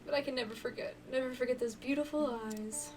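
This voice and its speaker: A woman voicing a tender, sorrowful dying mother in a video game, speaking softly and slowly. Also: high-pitched, far from the mic, soft background music, lightly acted.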